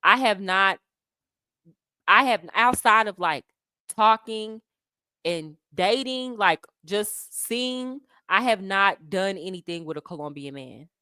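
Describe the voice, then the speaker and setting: Her mid-range voice moves with lively intonation at a slow pace, coming across as bright, forceful, and clean. An American expat living in Colombia, she hosts a relaxed travel livestream, answering viewers' comments in animated, slang-filled chat punctuated by frequent laughs. The studio-quality audio carries no room sound.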